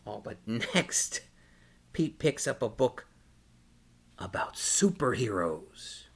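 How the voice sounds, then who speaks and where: A man reading a picture book aloud to children at storytime, animated and stopping to ask them questions. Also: on the low side, slow, creaky, husky. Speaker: storytime reader.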